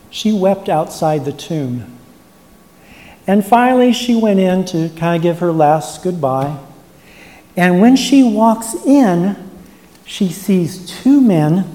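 Slow dramatic preacher in an echoey church. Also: medium pitch. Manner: dramatic storytelling, building to shouted praise. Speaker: pastor. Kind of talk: sermon, first-person retelling of a Bible story. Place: church before a congregation.

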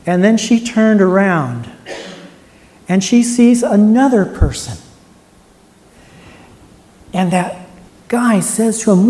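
A pastor preaching to a congregation, retelling a Bible story in the first person and building to shouted praise. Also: mid-range voice, lively intonation, slow, long pauses. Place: church before a congregation. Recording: echoey church hall.

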